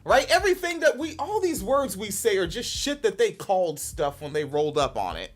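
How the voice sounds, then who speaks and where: A woman's voice: big pitch swings, brisk, soft background music. A woman hosting a podcast in casual, profane chat, rambling and laughing often. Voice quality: fairly high-pitched voice. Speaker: podcast host.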